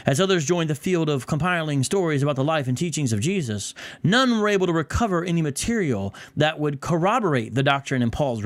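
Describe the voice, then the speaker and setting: A man's voice: on the high side, no echo. A man hosting a podcast, reading a passage aloud and breaking in with heated, exasperated rebuttals. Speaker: podcast host.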